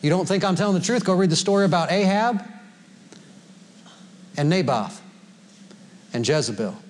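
High-voiced folksy man preaching. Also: lively intonation, moderate pace, a little hiss or hum. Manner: folksy preaching, laughs often, quotes scripture. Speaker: pastor. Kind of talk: sermon. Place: church sanctuary before a congregation.

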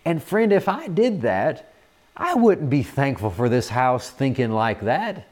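A man preaching a sermon in an earnest manner, often repeating words and filling pauses with "uh". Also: medium pitch, big pitch swings, darkish tone.

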